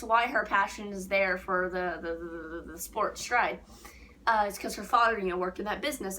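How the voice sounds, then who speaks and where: A young woman casually reviewing an anime episode, excitable and gushing, with squeals and giggles. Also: fairly high pitch, slight background noise.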